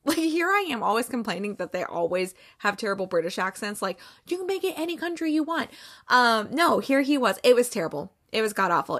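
A woman's voice: fairly high pitch, sing-song, brisk, fairly bright tone. A woman hosting a movie review show, chatting casually in a rambling, sarcastic way with lots of fillers. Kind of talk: casual chat.

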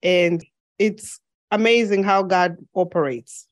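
A woman's voice: on the low side, takes it slowly, dry recording. A woman from Zambia with a slight lisp, a podcast guest telling her story in an earnest, reflective way in a casual interview.

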